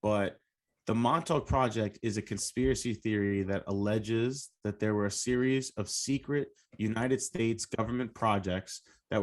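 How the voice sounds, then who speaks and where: Laid-back podcast co-host, man in his thirties, low voice, filler-heavy chat. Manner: easygoing, filler-heavy with frequent "like". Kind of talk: casual chat.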